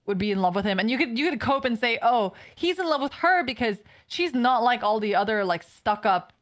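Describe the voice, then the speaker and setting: A woman's voice: a little high, animated, fairly quick. Blunt, profane woman ranting on a podcast. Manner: blunt and profane, with filler-heavy rants. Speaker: podcast co-host. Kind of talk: casual anime podcast chat.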